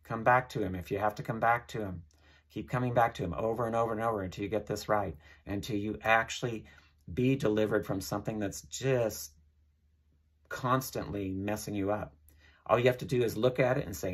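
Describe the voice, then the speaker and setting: A man's voice: on the low side, fairly even intonation, a little fast, husky. A man giving an informal sermon, earnest and repeating phrases as he leads listeners in prayer. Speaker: preacher.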